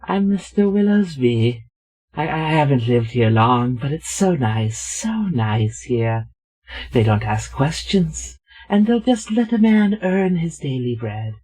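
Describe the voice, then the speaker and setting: A man voicing a creepy, odd toymaker who talks slowly, repeats himself softly and sounds unsettling. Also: mid-range voice, lively intonation, breathy edge.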